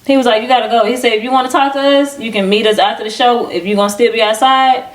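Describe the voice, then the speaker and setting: Animated woman, high-ish voice, podcast chat. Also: quick pace. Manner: animated storytelling, acting out quoted people. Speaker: podcast co-host. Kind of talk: casual chat.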